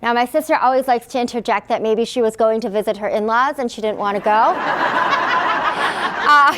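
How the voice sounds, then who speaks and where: A woman's voice: fairly high pitch, fairly quick, very noisy. A woman in her thirties telling a personal patient story to an audience, quoting nurses and doctors and laughing through the painful parts. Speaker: patient speaker.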